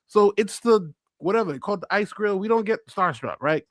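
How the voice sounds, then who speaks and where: A man, a podcast co-host telling a story in animated, boastful casual chat with acted-out quotes. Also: high-pitched, normal speed, slight background noise. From Brooklyn, New York.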